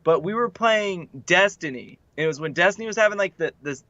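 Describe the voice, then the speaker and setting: A young man with a high-pitched voice co-hosts a relaxed podcast chat, rattling off stories with heaps of "like" fillers. The sound is dry and close, with a slightly dull, lo-fi mic. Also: fairly quick, dry recording. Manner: animated storyteller, heavy "like" fillers. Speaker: podcast co-host.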